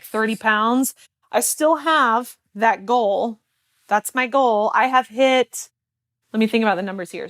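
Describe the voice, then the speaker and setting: A woman's voice: on the high side, a bit bright, dry recording, studio quality. A woman health coach in a casual talk, telling a personal story in a chatty way, full of fillers and quoted back-and-forth.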